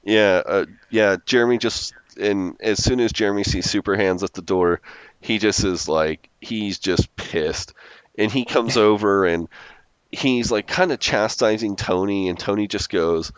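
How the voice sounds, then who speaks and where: A man's voice: on the low side, measured pace, clear, resonant tone, no echo, rough recording. A man co-hosting a podcast, casually recapping a TV episode and laughing often as he retells scenes. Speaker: podcast co-host.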